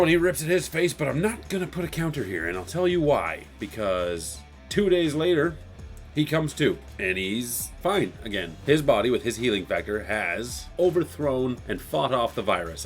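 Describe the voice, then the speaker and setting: A man casually retelling a comic book issue, chatty and loose, often slipping into quoted lines. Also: on the low side. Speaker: comic book recap host.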